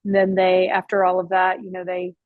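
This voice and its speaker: A woman's voice: on the low side, completely flat delivery, moderate pace, no echo, phone-quality sound. A woman who owns and cooks at a barbecue restaurant, telling stories in a casual interview, chatty, with many restarts and the odd casual swear. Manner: chatty, with frequent restarts and fillers. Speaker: barbecue restaurant owner and chef. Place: her restaurant.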